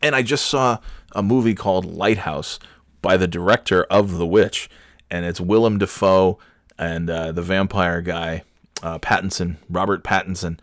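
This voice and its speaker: A man's voice: sits low, steady tone, normal speed, no echo, clean studio sound. A man chatting casually about a movie, rambling and profane, mocking himself as he goes.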